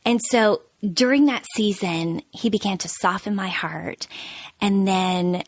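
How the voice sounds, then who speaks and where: A woman in her thirties, a podcast guest, telling her story in an earnest, confessional, animated way. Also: mid-range voice, slow, no room sound. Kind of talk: candid personal storytelling.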